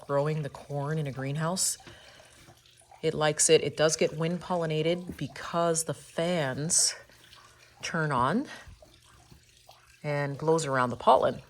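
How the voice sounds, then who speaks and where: A woman talking casually while she works in a greenhouse, explaining each step of her gardening in a friendly, chatty way. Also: low voice. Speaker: gardening vlogger. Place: inside a greenhouse.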